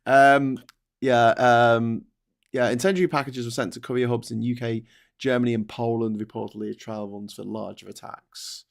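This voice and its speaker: A man co-hosting a news talk stream over a video call, joking and chatty with quick asides. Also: mid-range voice, steady tone, gravelly. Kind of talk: casual live-stream chat.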